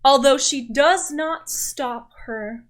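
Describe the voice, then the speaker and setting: A woman's voice: high voice, slow, slight background noise. A woman game master narrating a tabletop game in a descriptive, storytelling way.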